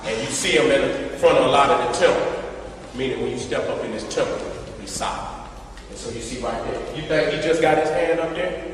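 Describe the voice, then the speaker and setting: A man giving a casual, emphatic slide talk to an audience. He keeps repeating short questions, and his voice swings between loud bursts and low asides. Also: brisk, a little hiss or hum. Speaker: presenter showing images to an audience. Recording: echoey hall from a distant mic.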